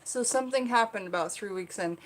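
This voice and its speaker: A woman's voice: mid-range voice, brisk, slight background noise. Chatty woman hosting a livestream. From South Carolina. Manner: chatty, reads viewer comments aloud. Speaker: livestream host. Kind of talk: casual livestream chat. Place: bedroom. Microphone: seated at own camera.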